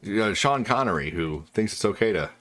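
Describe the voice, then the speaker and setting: A man voicing a rambling old man with a drawn-out, slow delivery. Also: on the low side, lively intonation, fairly bright tone.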